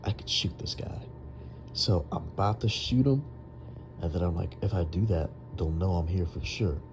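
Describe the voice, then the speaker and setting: A man's voice: low voice, moderate pace, over music. A young man casually retelling a long dream, rambling with lots of fillers and restarts. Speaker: storyteller.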